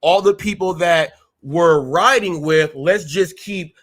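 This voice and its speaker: A California man hosts a live stream, launching into a fiery, confrontational rant full of slangy street talk. His voice is a little high and fairly bright, and he speaks slowly.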